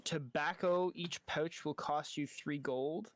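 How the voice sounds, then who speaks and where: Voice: mid-range voice, steady tone, takes it slowly, no echo. A game master running a tabletop game over voice chat, brash and swearing, laughing a lot. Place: home, voice chat.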